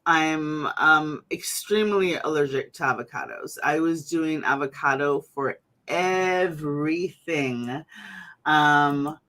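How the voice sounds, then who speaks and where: A woman's voice: low-pitched, slow, fairly bright tone. A woman hosting a casual conversation, chatty, with many fillers and restarts. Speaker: host.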